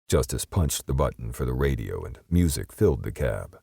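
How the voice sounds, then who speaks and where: A man's voice: extremely low pitch, big pitch swings, moderate pace, gravelly, few pauses, mellow, no room sound, studio quality. A man narrating an audiobook in a dramatic, scripted way.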